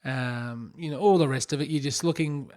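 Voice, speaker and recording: Co-hosting a podcast, a man with a medium pitch and moderate pace tells an animated story in casual conversation, performing the voices of the people involved.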